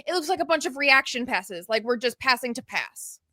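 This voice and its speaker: A woman's voice: sits high, animated, a little fast, bright, forceful tone. A woman co-hosting a sports podcast, recapping a match in casual, laughing, rambling chat. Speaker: podcast co-host.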